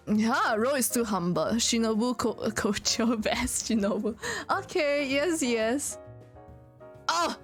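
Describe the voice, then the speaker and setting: A woman streamer chats casually with her viewers, telling animated stories and giggling a lot. Her voice is on the high side and she speaks slowly, pausing often, over soft background music.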